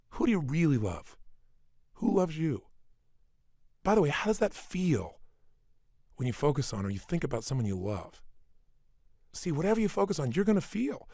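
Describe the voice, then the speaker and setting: Middle-aged guy doing a motivational talk, emphatic, voice jumps all over, pretty high for a man, super dry studio sound. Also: dry recording. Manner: energetic, emphatic, swings between hushed and loud. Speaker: motivational speaker. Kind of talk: motivational talk recorded for audio program. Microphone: studio microphone.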